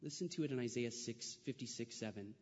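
A man from California preaching a sermon, mixing animated storytelling asides with slow, emphatic preaching. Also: mid-range voice, long reverb tail, dull audio. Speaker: pastor.

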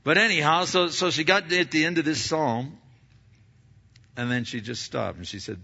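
A man telling a story in a sermon, halting and repeating words as he goes. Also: mid-range voice, gravelly, bright, forceful tone, breathy edge, lo-fi sound.

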